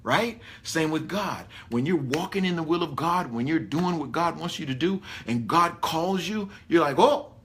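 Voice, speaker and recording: A man preaching a conversational sermon, animated and folksy. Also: a little high, normal speed, few pauses. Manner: animated, folksy, rising excitedly on key points. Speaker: pastor.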